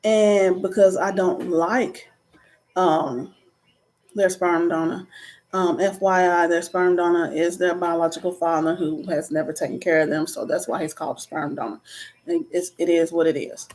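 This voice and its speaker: A woman's voice: lowish voice, fairly even intonation, moderate pace, darkish tone. A woman in her thirties giving an earnest, conversational inspirational talk, with frequent ums and preachy asides. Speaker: vlogger. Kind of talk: casual inspirational talk to camera.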